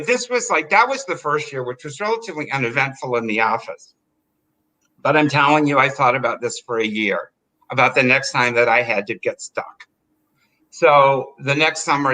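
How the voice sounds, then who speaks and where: A man telling a personal story in an animated, chatty way, full of fillers. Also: mid-range voice, rough recording. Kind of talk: live storytelling.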